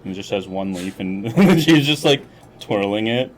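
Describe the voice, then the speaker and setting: Animated, laughing man running a game. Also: on the low side, normal speed, a little hiss or hum, low-quality recording. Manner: laughs often, loose and casual. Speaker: game master. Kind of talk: narrating a tabletop game.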